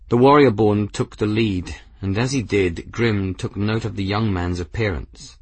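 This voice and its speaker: A man giving scripted narration of an audiobook in an even storytelling manner. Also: fairly low pitch, measured pace, few pauses, slightly rough, no room sound.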